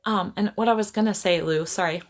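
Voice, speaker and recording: A woman psychic medium talks loosely to her livestream audience, and her voice has a gravelly, creaky edge. She laughs often, apologizes again and again and drifts off her point. She sits at a medium pitch for a woman, speaking to a camera on a tripod. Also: a little fast. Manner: laughs often, keeps apologizing, easily sidetracked. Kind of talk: casual livestream chat.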